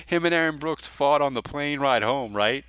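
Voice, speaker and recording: A man's voice: mid-range voice, moderate pace, fairly bright tone, clear, resonant tone, dry recording. A man co-hosting a casual sports podcast, blunt and joking, laughing often. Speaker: podcast co-host.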